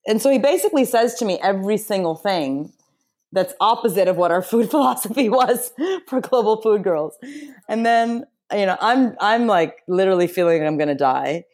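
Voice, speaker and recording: A woman telling a personal story as an interview guest, chatty and expressive, with frequent fillers and restarts. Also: medium pitch, normal speed. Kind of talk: casual storytelling in a conversation.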